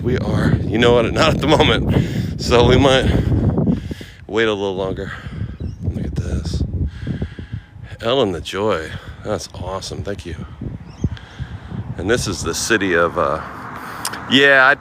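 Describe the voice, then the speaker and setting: A man casually live-streaming while walking, thinking aloud about travel plans and thanking viewers by name. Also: lowish voice. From United States. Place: outdoors on windy city streets. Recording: outdoor street noise. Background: wind and passing traffic.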